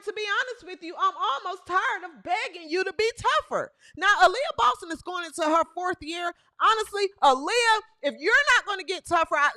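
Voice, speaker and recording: A woman's voice: very high-pitched, expressive, normal speed, bright, forceful tone. A woman hosting a sports talk show, ranting emphatically and repeating phrases for emphasis. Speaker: host. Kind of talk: sports commentary rant.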